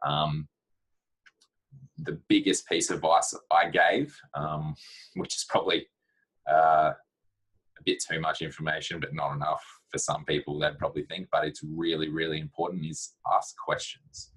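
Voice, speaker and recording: Low husky man, blunt and practical. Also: little pitch movement, normal speed, fairly bright tone, rough recording. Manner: blunt, practical, with many fillers. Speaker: dietitian giving career advice. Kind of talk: casual reflective talk to camera.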